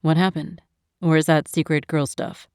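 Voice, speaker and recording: Gentle caring man, as a woman reads him. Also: sits low, fairly even intonation, normal speed, no room sound, clean studio sound. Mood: gentle, concerned. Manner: soft, reassuring. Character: gentle, caring grown man, a devoted partner. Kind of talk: audiobook narration.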